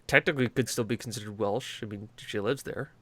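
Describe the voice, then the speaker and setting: A man's voice: lowish voice, brisk, sharp tone, dry recording. A man from the United States co-hosting a gaming podcast, chatting casually, swearing freely and laughing often as he tells stories. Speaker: podcast co-host. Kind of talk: casual chat.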